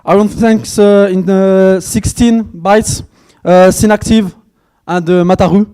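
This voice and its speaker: A man with a French accent, a native French speaker, giving a hesitant opening speech at a conference and thanking sponsors, with many pauses and fillers. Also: sits high, fairly even intonation, dark tone, clean tone. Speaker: conference organizer. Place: conference hall.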